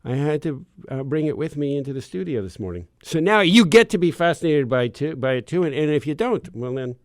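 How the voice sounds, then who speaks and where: A man's voice: on the high side, big pitch swings, a little fast, no room sound. A man hosting a radio talk show from the studio, enthusiastic and meandering as he searches for words. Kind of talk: casual talk show chat.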